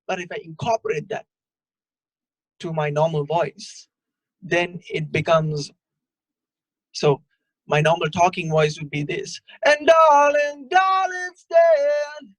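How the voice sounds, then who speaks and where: Man, vocal coach, slow and halting, dry close sound, online workshop. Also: a little high, dry recording. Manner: relaxed, halting explanations with sung examples. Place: online video call.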